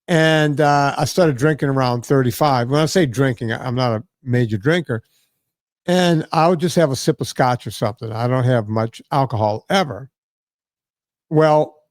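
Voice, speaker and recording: A man hosting a podcast, telling a long anecdote in a relaxed, rambling way, with frequent fillers and "right?" asides. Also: medium pitch, no echo, clean studio sound. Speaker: podcast host. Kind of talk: casual podcast chat.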